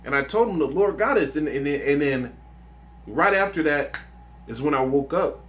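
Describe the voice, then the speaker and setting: A man's voice: on the high side, animated, moderate pace, a little hiss or hum. A man recounting a dream and reading scripture in an informal religious video. He talks earnestly and conversationally, often restarting his sentences and adding "man".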